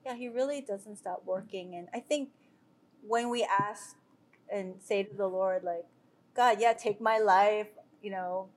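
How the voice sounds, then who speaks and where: A woman earnestly shares a personal faith testimony with viewers as a devotional, speaking loosely with many fillers and restarts. Her voice is medium-pitched and her pace measured.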